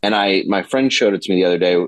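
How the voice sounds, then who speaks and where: A man's voice: low-pitched, very fast, no echo, rough recording. A man, a comedian guest, chatting casually on a podcast and telling a story with lots of laughter and acted-out quotes. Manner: animated storyteller, laughs often, acts out quotes.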